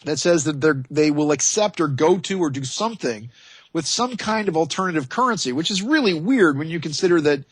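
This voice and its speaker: A man's voice: a little high, animated, fairly quick, breathy edge, dry recording. A man hosting a radio talk show, chatting and joking in a rambling way.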